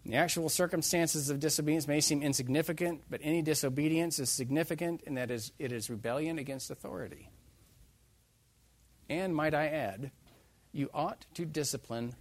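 A man preaching a sermon, emphatic and animated, joking with his listeners. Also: a little high, normal speed, dry recording. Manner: emphatic, animated, jokes with the congregation.

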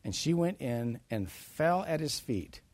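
A man with a medium-pitched, sing-song voice preaches at a measured pace, reading scripture in old-style wording before retelling it in plain, casual language. His delivery swings dramatically between loud and soft.

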